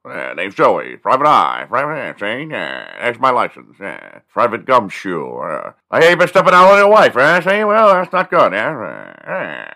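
A man's voice: mid-range voice, wildly swooping pitch, moderate pace, gravelly, few pauses, bright, forceful tone, voice pushed up, heavily acted. A man voicing a tough-talking old-time male private eye with clipped gangster-style patter. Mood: swaggering.

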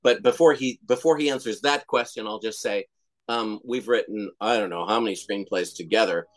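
A man's voice: lowish voice, moderate pace. A middle-aged man, a comedian and songwriter, telling stories in a casual interview, rambling with many fillers and restarts.

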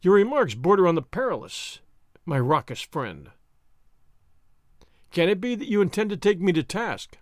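A man's voice: high-pitched, big pitch swings, normal speed, long pauses, no room sound. A man doing a polite, thin-voiced young nobleman. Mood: cool.

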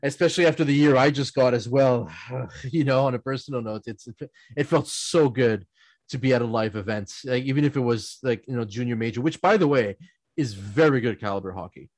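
A man at an ordinary middle pitch tells casual stories on a podcast panel. He rambles, laughs often and restarts his sentences. The sound is dry and close. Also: brisk, a little mellow, dry recording. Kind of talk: casual storytelling chat.

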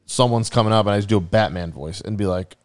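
A man's voice: on the low side, quick pace. A man co-hosting a podcast, chatting loosely with lots of fillers and swearing. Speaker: podcast co-host. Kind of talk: casual chat.

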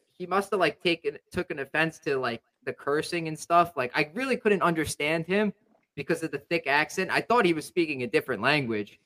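A man's voice: a little high, bright, forceful tone, low-quality recording. A man hosting a sports podcast, telling a story. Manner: rambling storytelling with many fillers. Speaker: podcast host. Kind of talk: casual sports chat.

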